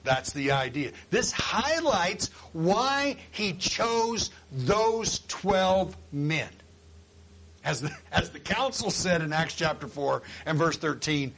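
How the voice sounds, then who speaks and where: A man's voice: high voice, sing-song, slow, a bit bright, low-quality recording. A man teaching a Bible class lesson, talking in an emphatic, conversational way with wry humor.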